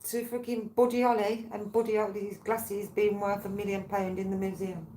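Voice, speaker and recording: A woman's voice: medium pitch, flat delivery, moderate pace, warm tone, a little hiss or hum. Woman, rambling tangential stories, swearing, roomy echo, faint ambience. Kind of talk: casual chat.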